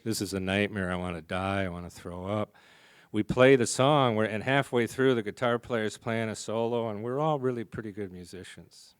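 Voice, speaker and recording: A man's voice: on the low side, fairly even intonation, moderate pace, clear, resonant tone, no echo. A man speaking at a recovery meeting, telling his story in a humorous, confessional way. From American. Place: conference hall.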